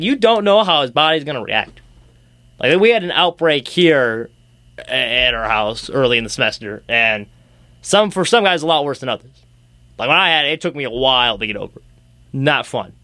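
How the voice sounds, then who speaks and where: A man's voice: on the high side, fairly bright tone, no room sound. A young man hosting a casual sports talk show, rambling and ranting with sarcastic jabs. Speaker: sports podcast host.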